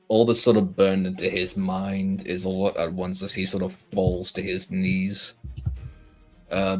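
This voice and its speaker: Tabletop player, a man, with a deep voice and halting phrasing, over faint music. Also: low-quality recording. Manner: halting, searching for words. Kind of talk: describing his character in a tabletop game.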